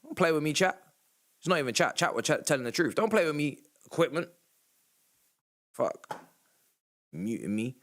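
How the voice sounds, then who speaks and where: A man hosting a live football reaction stream, sarcastic and exasperated, swearing and shouting at the referee's calls. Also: a little high, lively intonation, normal speed, long pauses. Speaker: livestream host reacting to a football match.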